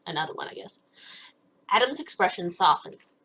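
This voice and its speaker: Eine junge Frau liest beschwipst ein Visual Novel vor, plaudert locker, kichert viel und schweift ab. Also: female voice, lowish voice, expressive, normal speed, sharp tone, husky, low-quality recording. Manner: giggly, rambling. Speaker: let's play host. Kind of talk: tipsy casual game reading.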